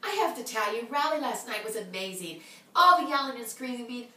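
A woman in a bubbly, exclamatory team announcement, slightly hoarse from cheering. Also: fairly high pitch, expressive, fairly quick, sharp tone, far from the mic. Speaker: sales team leader. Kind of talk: upbeat team announcement video. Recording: echoey room, voice from off-mic.

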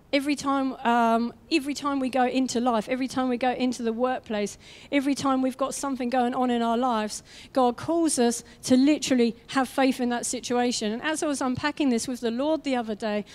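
A young adult woman preaching a sermon in an energetic, conversational way, with quick asides, and she acts out the voices she quotes. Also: high voice. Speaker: guest preacher.

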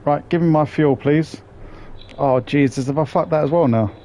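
A man chats and swears his way through a live game stream, cracking jokes to his viewers. His voice sits a bit high but has a mellow, dark tone. Faint engine hum plays underneath. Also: normal speed. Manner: sweary, jokey banter with chat. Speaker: gaming streamer. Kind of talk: live gameplay commentary.

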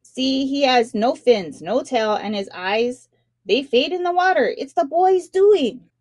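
A woman voicing a raging male king of sharks who shouts in fury in a read-aloud storybook. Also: sits high, animated, measured pace. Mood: accusing. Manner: loud, furious shouting.

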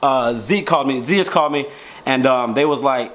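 A man's voice: medium pitch, fast, a bit bright, slight background noise. A young man from Georgia in the US, rambling in slang to the camera at home and restarting his sentences. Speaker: vlogger. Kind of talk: casual chat to camera. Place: at home indoors.

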